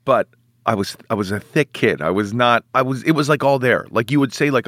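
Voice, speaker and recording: A man's voice: mid-range voice, fairly quick, fairly bright tone, no echo, studio quality. A man in his forties, an actor guest chatting in a casual podcast interview, rambling and self-mocking with many restarts. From United States.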